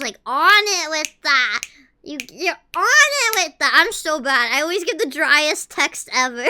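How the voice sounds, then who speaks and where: A woman's voice: high-pitched, sharp tone. A young adult woman streaming as a VTuber, chatting casually with viewers in a giggly, playful way, with a voice that cracks often. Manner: giggly, playful, jokes in bursts of mock drama. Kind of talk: casual chat reacting to viewers.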